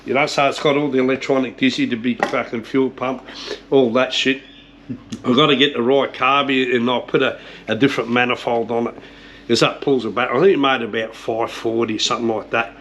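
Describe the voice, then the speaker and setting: A middle-aged Australian man talks cars in his home shed, rough-spoken and loose with the swearing, tripping over his words as he goes. His voice sits in an ordinary middle pitch. A faint hiss of noise runs underneath. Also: steady tone, a little fast, a bit bright. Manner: rough-spoken, swears freely, repeats himself. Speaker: car restorer showing his shed. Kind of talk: casual chat.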